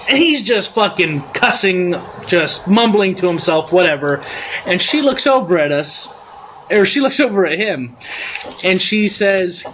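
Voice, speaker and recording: High-voiced young man telling a story. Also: expressive, measured pace, fairly bright tone, slight background noise. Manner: profane, laughing storyteller. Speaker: podcast co-host. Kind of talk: casual chat, storytelling.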